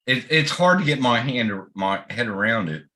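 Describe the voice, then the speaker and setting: A man's voice: medium pitch, animated, moderate pace, pushed and bright. A man chatting loosely on a livestream, swearing and laughing often. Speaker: guest on a livestream chat. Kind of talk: casual chat.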